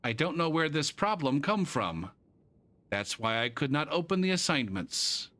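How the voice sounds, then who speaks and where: A man's voice: on the high side, sing-song, a bit bright. A man voicing an earnest young male student who reads out a stiff, overly polite email. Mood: earnest pleading. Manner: stiff, overly polite phrasing read slowly.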